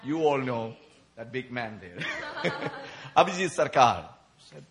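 A man's voice: medium pitch, sing-song, takes it slowly. A man preaching a sermon in a church, telling his story with emotion, laughs and sudden outbursts. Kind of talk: sermon at a prayer meeting.

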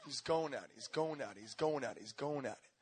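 A young man preaching a sermon as pastor, telling his own testimony in an animated, slangy way, acting out voices and swinging between laughter and shouts. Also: medium pitch, quick pace.

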